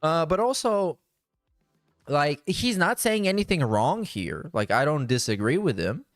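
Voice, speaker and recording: Podcast guy riffing sarcastic and blunt, smooth voice, lively ups and downs, dry close sound. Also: fairly high pitch, unhurried, no room sound, soft background music. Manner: blunt, sarcastic, restarts often. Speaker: podcast host. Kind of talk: casual commentary reacting to a clip.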